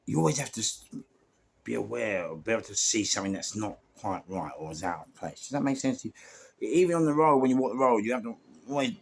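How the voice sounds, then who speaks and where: On a podcast, a former doorman and security firm owner shares stories from his doorman years in a lowish, gravelly, husky voice with lively intonation and a quick pace. He rambles casually, full of fillers and repeated words, with a little hiss or hum in the audio.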